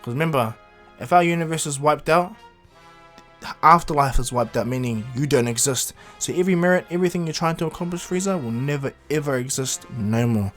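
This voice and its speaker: A man's voice: on the high side, brisk, a bit bright, faint music behind, lightly acted. A man voicing a confident, easygoing male fighter hero who lectures others firmly, in a casual cartoon retelling. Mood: stern.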